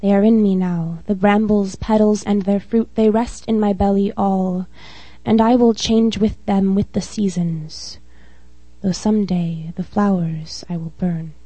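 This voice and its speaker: A woman reading her spoken-word poetry slowly and deliberately, trailing off softly at line ends. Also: medium pitch, fairly even intonation, no room sound, rough recording. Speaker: featured poet.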